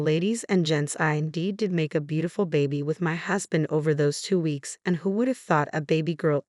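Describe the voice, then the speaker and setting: A woman narrating a personal story from an online post in a flat, steady read-aloud delivery. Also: deep voice, no room sound, studio quality. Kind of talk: reading a forum post aloud.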